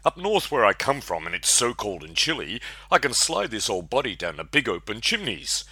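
A man's voice: medium pitch, big pitch swings, normal speed, bright, forceful tone, breathy edge, dry recording, pitched above the performer's own voice, heavily acted. A man voicing a weary, sweaty old Santa, lamenting in a rhyming poem. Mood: woeful.

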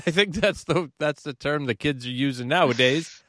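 A man's voice: fairly high pitch, normal speed, dry recording, clean studio sound. A man co-hosting a podcast with his wife, chatting casually, joking and swearing freely. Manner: animated, swears casually, jokey. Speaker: podcast co-host. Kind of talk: casual chat.

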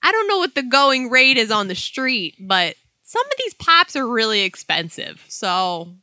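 Woman, young adult, casual chat, profane, animated, bright voice. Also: on the high side, a little slow, no echo.

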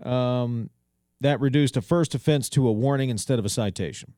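A man's voice: mid-range voice, normal speed, warm tone, no room sound. A man hosting a local talk radio show, reading headlines and commenting in a conversational way with wry asides. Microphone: studio microphone. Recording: dry studio sound.

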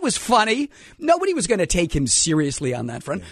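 A man hosting a radio call-in show, animated and wry, a bit hoarse from a cold. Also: fairly high pitch, brisk, no echo, studio quality. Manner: animated, wry, laughs while talking. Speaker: radio talk show host. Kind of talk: casual opinionated radio talk.

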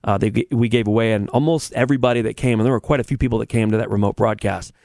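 A male radio host chats casually and rambles on, restarting his sentences as he goes. His voice has a gravelly edge, and the studio sound is dry and close. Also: fairly low pitch, fairly even intonation, racing, a little mellow, no room sound.

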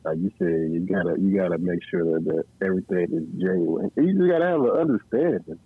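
A man's voice: low voice, expressive, fast, husky, narrow, tinny audio. A man joining a casual chat, agreeing and building on the point just made.

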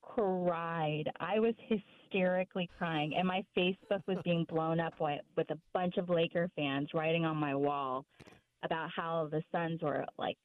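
A woman's voice: low voice, a little slow, no echo. Young woman ranting on a tinny call. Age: young adult. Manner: swears a lot, rambling, animated. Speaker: podcast guest, sports fan. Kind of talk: casual podcast chat. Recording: thin phone-like call audio.

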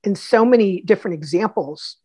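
Chatty woman telling lively stories. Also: mid-range voice, fairly quick, husky. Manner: animated, acts out quotes, many restarts. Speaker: guest. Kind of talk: casual storytelling.

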